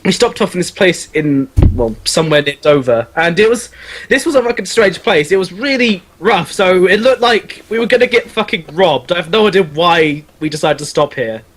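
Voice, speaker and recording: Brief: male podcast host from England, animated, swears and laughs, video call audio. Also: high-pitched, normal speed, a little hiss or hum. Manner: swears freely, laughs often, lively storytelling. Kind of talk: casual chat.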